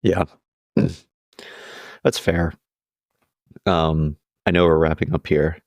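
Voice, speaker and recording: A man's voice: very deep voice, little pitch movement, extremely slow, darkish tone, no room sound, studio quality. A young man co-hosting a podcast in casual chat, laughing often as he retells scenes. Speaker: podcast co-host.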